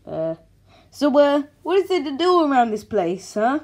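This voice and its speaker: A woman's voice: sits high, big pitch swings, a little slow, a little mellow, voice pushed up. A woman voicing baby Sonic, a lazy, blunt male hedgehog, in a homemade toy skit, talking in an offhand mumble.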